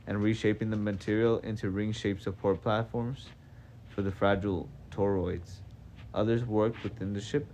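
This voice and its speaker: A man's voice: fairly low pitch, mellow, slight background noise. A man doing a live reading of a novel, casual and unpolished, with stumbles and self-corrections. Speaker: reader.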